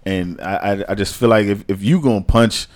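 A man's voice: lowish voice, fairly quick. A man co-hosting a podcast who argues his point emphatically in casual chat. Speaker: podcast co-host.

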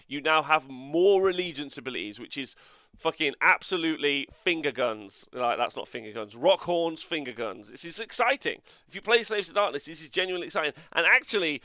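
Bright-voiced rambling man. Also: a little high, no room sound, studio quality. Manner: rambling, joking, swears casually. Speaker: host. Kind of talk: casual livestream review.

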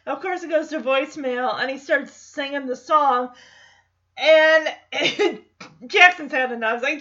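A woman's voice: sits high, measured pace, pushed and bright, muffled recording. A woman giving a casual, chatty recap of a TV episode, laughing often and acting out the characters' lines.

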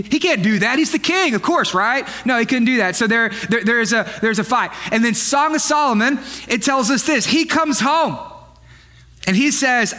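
A young man preaching a comedic sermon to a live church congregation, animated and joking, with playful asides to the crowd. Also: very high voice, fairly quick. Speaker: pastor. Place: church sanctuary with live audience.

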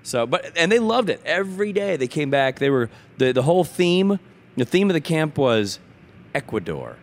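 A man co-hosting a casual podcast chat, a father telling jokey, animated stories about his kids. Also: a little high, moderate pace. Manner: joking storyteller, animated asides. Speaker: guest co-host.

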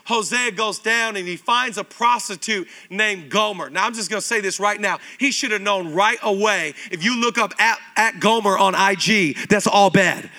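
A man in his thirties preaching a sermon as pastor, animated and conversational with lots of repetition. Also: high voice, moderate pace, hardly any pauses. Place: church auditorium.

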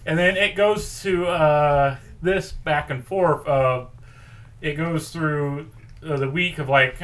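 Podcast dude pitching a movie, bright voice, keeps doing little voices for the characters. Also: male voice, slow. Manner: rambling storyteller, acts out quoted lines. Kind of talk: casual chat.

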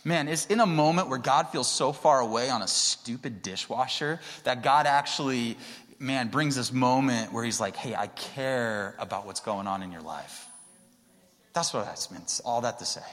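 Casual pastor preaching in an echoing hall. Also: male voice, mid-range voice. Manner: conversational storytelling, rising to excited emphasis. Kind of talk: sermon. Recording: long reverb of a large hall.

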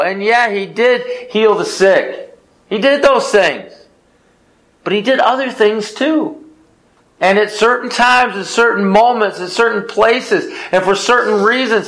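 A man's voice: high-pitched, fairly bright tone, low-quality recording. A man leading an informal Bible study, teaching in an emphatic way, repeating phrases and answering his own questions.

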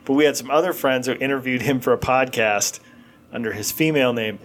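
A man's voice: mid-range voice, brisk, slight background noise. A middle-aged man co-hosting a podcast, talking in a crude, blunt way and laughing often. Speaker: podcast co-host. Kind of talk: casual chat.

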